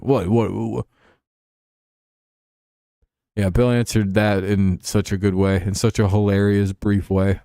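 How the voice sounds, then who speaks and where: A man's voice: lowish voice, steady tone, normal speed, few pauses, dark tone, clean tone, no echo, clean studio sound. A man hosting a casual football talk show, ranting and sarcastic with plenty of swearing. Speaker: host.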